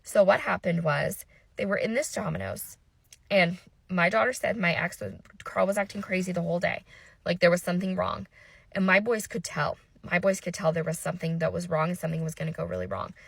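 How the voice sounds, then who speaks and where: A woman in her thirties tells a frightening family story straight into a close phone mic. Her mid-pitched voice has a gravelly fry to it, and the sound is dry and close, with no room around it. She rushes through the quoted dialogue with tense, breathless urgency. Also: fairly even intonation, fairly bright tone, no echo. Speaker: mother telling a personal story. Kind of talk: emotional storytime monologue.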